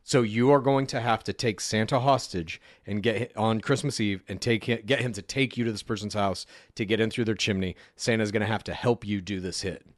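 A man co-hosting a podcast in casual chat, easygoing, laying out ideas like a story pitch. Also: a little fast, few pauses, dry recording, studio quality. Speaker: podcast co-host.

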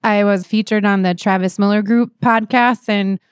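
A woman's voice: medium pitch, fairly even intonation, normal speed, smooth, dry recording, studio quality. Upbeat woman, casual guest chat. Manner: upbeat and conversational. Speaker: podcast guest.

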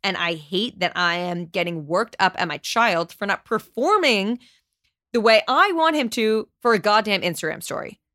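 A woman's voice: mid-range voice, lively intonation, normal speed, sharp tone, dry recording, clean studio sound. A young adult woman hosting a solo podcast, talking candidly and emphatically, swearing now and then. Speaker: podcast host.

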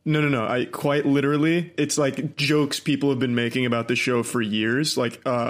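A man's voice: mid-range voice, little pitch movement, moderate pace. A man in mid-range voice on a group podcast, talking emphatically. He swears freely and piles on strong opinions. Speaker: podcast co-host. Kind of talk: casual group podcast chat.

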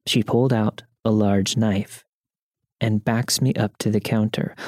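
A man narrating first-person stories as scripted narration, even and matter-of-fact. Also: lowish voice, dry recording, clean studio sound. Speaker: story narrator.

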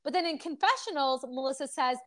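A woman's voice: sits high, brisk, a crowd in the background. A woman co-hosting a podcast, recapping a reality TV episode in casual chat and acting out quotes with drama. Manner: animated, acts out quotes in dramatic voices. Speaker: podcast co-host.

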